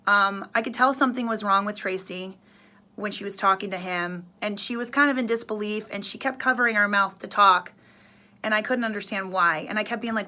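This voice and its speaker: Earnest, emotional woman with a bright voice. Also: medium pitch, fairly quick. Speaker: radio host. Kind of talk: personal story to camera.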